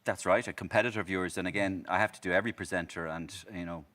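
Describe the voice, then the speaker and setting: An Irish man, a comedian guest on a talk show, chatting in quick, wry, low-key asides. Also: steady tone, fairly bright tone. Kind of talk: casual chat.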